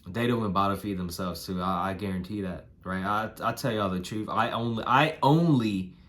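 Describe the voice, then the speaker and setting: A young man with a somewhat low voice that sounds hoarse and stuffy from a cold. He explains puppy care in a loose, talkative way, circling back over his points and checking in with "right?" and "bro". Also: moderate pace, fairly bright tone. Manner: talkative, repeats himself, tags lines with "right?" and "man". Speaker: dog breeder giving advice. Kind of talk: casual instructional vlog.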